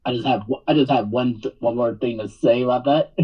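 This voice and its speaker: A man's voice: mid-range voice, brisk, slightly rough. A man co-hosting a podcast in casual chat, joking, mocking himself and swearing. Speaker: podcast co-host. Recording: dull lo-fi mic.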